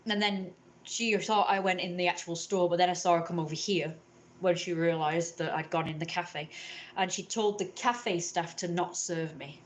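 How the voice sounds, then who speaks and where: A woman's voice: fairly low pitch, fairly even intonation, moderate pace. A young woman rambling through a story to camera, indignant and acting out what others said in raised voices. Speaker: vlogger.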